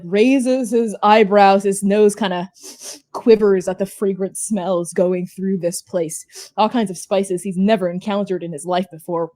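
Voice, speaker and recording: A woman's voice: medium pitch, a little mellow. A woman narrating as game master of a livestreamed tabletop game, chatty with many fillers.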